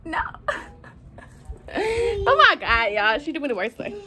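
A young woman chatting animatedly to her phone camera in a car, swinging between excitement and guilt. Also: sits high, takes it slowly. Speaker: prank vlogger. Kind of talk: casual vlog chat.

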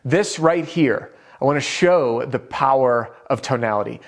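A man's voice: mid-range voice, a little slow. A man giving a direct, upbeat sales coaching lesson to camera, with a self-deprecating touch. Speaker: sales trainer.

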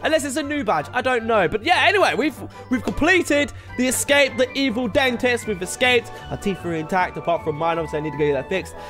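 Young male game host, high voice, bouncy pitch, rambling self-mocking commentary. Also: lively intonation, brisk, few pauses, a bit bright, faint music behind. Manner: chatty, rambling, laughs at himself. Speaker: gaming video host. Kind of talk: casual let's-play commentary.

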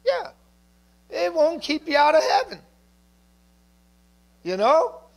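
A man's voice: extremely high pitch, huge pitch swings, takes it slowly, vocal fry. A male pastor preaching a sermon in a church, conversational, with asides and jokes.

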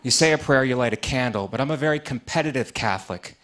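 A man's voice: medium pitch, quick pace, a bit bright. Dry stand-up comic man. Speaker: stand-up comedian. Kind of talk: stand-up comedy set.

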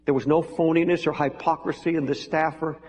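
A man's voice: fairly high pitch, fairly even intonation, brisk, a little mellow, a little hiss or hum. A man preaching a sermon as pastor, earnest and pleading, with emphatic repetition, recorded live in a large church hall. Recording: live sermon in a reverberant hall, faint music.

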